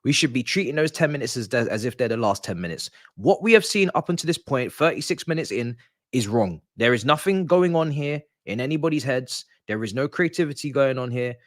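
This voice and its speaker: A man's voice: medium pitch, lively intonation, fairly quick, dry recording, clean studio sound. A man hosting a live football watch-along, ranting in frustration and dropping into muttered asides. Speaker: live stream host.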